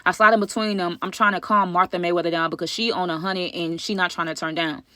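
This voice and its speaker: A woman rattles off a casual storytime vlog at a quick clip, animated and full of slang, talking straight to her viewers. Her voice sits at a middle pitch and sounds dry and close, with no room around it. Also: no room sound.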